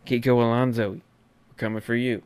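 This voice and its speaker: A man in his thirties doing a comedic sports rant as a podcast segment host, swinging between shouts and hushed lines. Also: mid-range voice, flat delivery, fairly quick, clear, resonant tone. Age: 30s.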